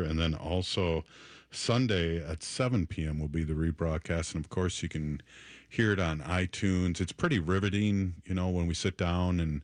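A man hosting a radio show in casual chat, rambling and halting with many fillers, his voice still a little off after an illness. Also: deep voice, dry recording.

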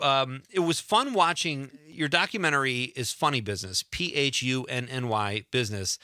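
A man hosting a talk radio interview in a studio, upbeat and chatty and quick to laugh. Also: on the high side, pushed and bright, no echo. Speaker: radio show host.

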